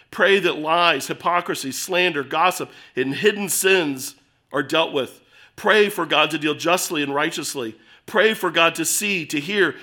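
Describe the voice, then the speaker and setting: A middle-aged man preaching a sermon as pastor, emphatic, swinging between loud urging and hushed storytelling. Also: fairly high pitch.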